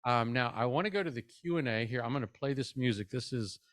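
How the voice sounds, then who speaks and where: A man's voice: mid-range voice, quick pace, a bit bright, no echo, studio quality. A middle-aged man giving a conversational parenting webinar, casual and upbeat, often tossing in "man".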